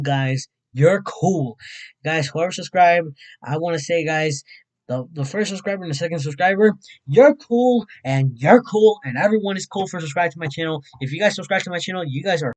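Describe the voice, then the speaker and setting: A man from Mexico hosting a casual weather livestream, excitable and rambling, often repeating himself. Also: fairly high pitch, normal speed, rough recording.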